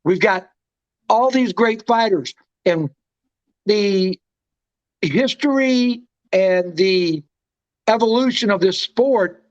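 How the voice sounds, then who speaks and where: A man hosting a casual livestream chat, talking with excitement and telling stories. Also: high-pitched, slow, pauses often. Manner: excited, storytelling, drops names. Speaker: show host. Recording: dull lo-fi stream audio.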